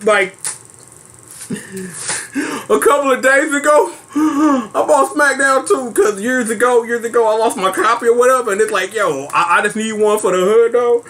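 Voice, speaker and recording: A man's voice: very high voice, moderate pace, a bit bright. A man hosting a casual rant, laughing hard while talking and using heavy slang, from a small room at home. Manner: heavy slang, repeats himself. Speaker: host.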